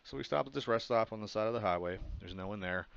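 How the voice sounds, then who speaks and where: Low-voiced man rambling through a story. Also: quick pace, vocal fry, a bit bright, smooth. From Pennsylvania, USA. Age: adult. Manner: rambling, filler-heavy, laughs at his own story. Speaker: comic artist vlogger. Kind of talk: casual storytelling. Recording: slightly dull, muffled audio.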